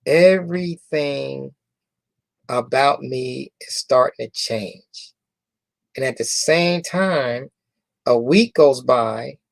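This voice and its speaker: A man's voice: fairly high pitch, creaky, no echo. A man, a company founder, telling a motivational story to members, repeating phrases for emphasis and asking the audience rhetorical questions. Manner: repeats phrases for emphasis, drawn-out key words.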